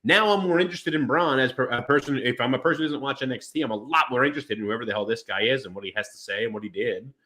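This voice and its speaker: A man co-hosting a podcast in casual chat, rambling with restarts and acting out quotes in animated voices. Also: mid-range voice, fast talker, hardly any pauses. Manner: rambling with many restarts and fillers. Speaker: podcast co-host.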